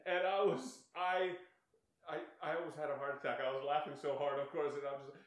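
A middle-aged man chatting casually as a podcast co-host, animated and quick to laugh. His voice sits a little high. The room around him rings with echo. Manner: animated storyteller, laughs often, voices others in quotes. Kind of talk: casual chat, storytelling. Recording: echoey room.

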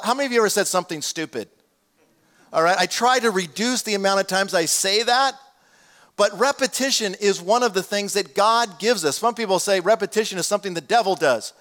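A man preaching a sermon in a conversational way, rising in volume when he reads scripture aloud. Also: sits high. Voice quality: damaged hearing, says so. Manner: conversational preaching, swells loud on quoted scripture. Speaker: pastor.

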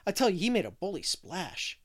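A man's voice: a little high, sing-song, moderate pace, a little mellow. A man voicing a chatty, mischievous little boy who rambles and keeps asking questions. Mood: chattering.

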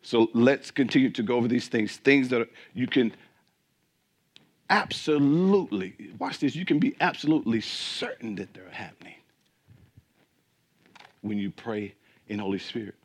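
A man preaching a sermon as pastor, swinging between emphatic peaks and quiet asides and asking the congregation questions. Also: medium pitch, normal speed, husky.

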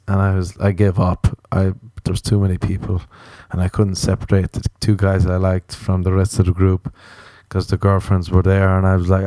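An Irish man, a comedian, telling rambling comic stories with a slightly hoarse, sick-sounding voice, swearing and acting out dialogue. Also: low voice, steady tone, moderate pace, darkish tone, no echo, clean studio sound. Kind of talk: comic storytelling.

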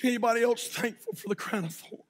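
A pastor with a very high voice preaches quickly from a church pulpit. He dramatizes a story, swinging between abrupt hushed moments and shouted climaxes, then moves into leading prayer.

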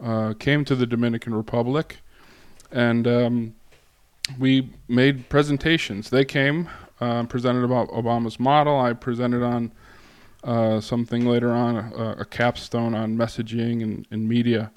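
A man speaking as a guest lecturer to a class, in a relaxed way with many fillers, pauses and restarts. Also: medium pitch, smooth, no echo. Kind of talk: casual classroom talk.

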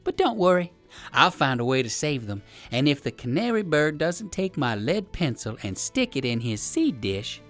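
A storyteller narrating a children's tale in a playful, expressive way. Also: medium pitch, moderate pace, soft background music.

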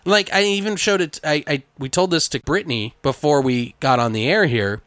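A man hosting a podcast, telling a story in casual chat, animated and trying not to swear. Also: on the high side, normal speed, no room sound, studio quality. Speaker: podcast host.

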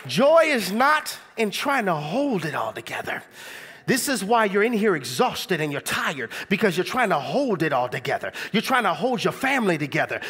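Young male preacher, fairly high, very expressive pitch, casual and conversational sermon delivery. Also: husky. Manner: animated, conversational preaching with rhetorical questions.

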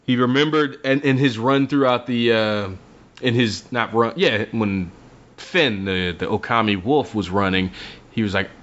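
An unhurried man with a medium-pitched voice co-hosts a casual podcast, walking through a book's plot with animation. He voices the characters' lines himself, captured on dull, lo-fi audio.

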